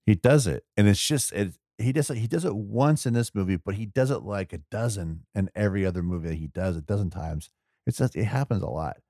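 A man's voice: lowish voice, brisk, warm tone, dry recording, studio quality. A man co-hosting a podcast, chatting casually about a movie, rambling and restarting his thoughts. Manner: rambling, restarts mid-thought, laughs often. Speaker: podcast co-host.

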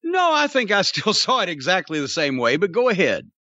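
An older man with a bright, forceful voice picks things apart with dry, sardonic mockery in casual podcast chat. His voice is close-miked and dry, with a slightly dull sound. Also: high-pitched, huge pitch swings, a little fast, no echo. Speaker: podcast host.

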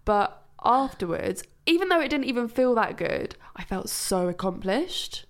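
A woman's voice: fairly high pitch, big pitch swings, measured pace. A young woman, co-hosting a podcast and telling personal stories in casual, candid chat. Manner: candid, chatty, storytelling. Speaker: podcast co-host.

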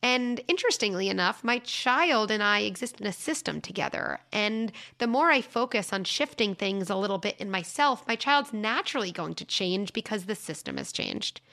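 A young adult woman hosting a parenting advice show, speaking in a calm, reflective, explanatory way as she answers a listener. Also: mid-range voice, normal speed, gravelly, few pauses. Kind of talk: advice podcast monologue.

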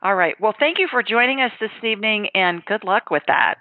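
A woman's voice: medium pitch, lively intonation, a little fast, dry recording. A woman hosting a radio call-in show, giving readings to callers and answering emails in a confident, emphatic, conversational way. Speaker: psychic call-in show host. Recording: tinny phone-like radio sound.

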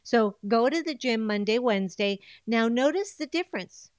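A woman's voice: fairly high pitch, lively intonation, moderate pace, darkish tone, clean tone, dry recording. A woman coaching her audience on goal setting, switching between English and Spanish with a coaxing manner and repeated phrases. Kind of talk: bilingual coaching talk.

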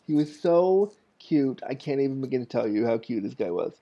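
A man's voice: medium pitch, sing-song, brisk, gravelly, warm tone, highs cut off. A man in his thirties hosting a podcast, telling candid, self-mocking stories in a casual, chatty way. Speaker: podcast host. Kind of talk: casual storytelling monologue.

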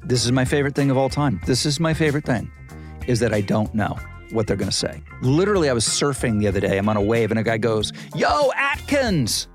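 A man's voice: mid-range voice, quick pace, faint music behind. A man being interviewed as a guest actor, telling stories enthusiastically and putting on exaggerated voices for people he quotes. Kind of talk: casual interview chat.

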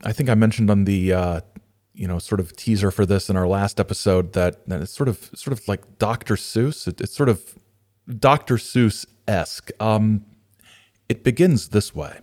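A man's voice: fairly low pitch, normal speed. A man hosting a podcast, talking casually with many fillers and reading a rhyming children's storybook aloud. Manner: hesitant, many fillers, lively when reading verse aloud. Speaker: podcast host.

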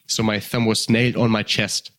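A man from Germany with a German accent, telling a story in casual conversation, swearing freely and full of fillers. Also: moderate pace. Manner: animated, acts out voices with sudden high pitch jumps. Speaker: guest.

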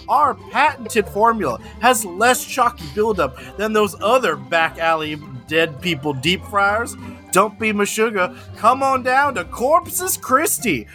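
A man improvising an overblown mock commercial in a pitchman's delivery. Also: pushed and bright.

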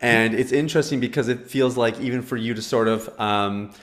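Host role: man, mid-pitched, encouraging, long meandering questions. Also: a little fast. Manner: supportive, rambling questions with fillers. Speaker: podcast host. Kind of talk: interview questions.

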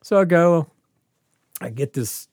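Male storyteller, casual and animated, swings between hushed asides and loud bursts, dry close sound. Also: a little high, takes it slowly, dry recording. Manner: animated, acts out quotes, laughs often. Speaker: guest storyteller.

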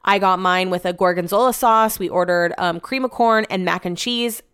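A woman's voice: lowish voice, normal speed, fairly bright tone, smooth. A young woman telling a story in a casual, chatty, profane way. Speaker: vlogger.

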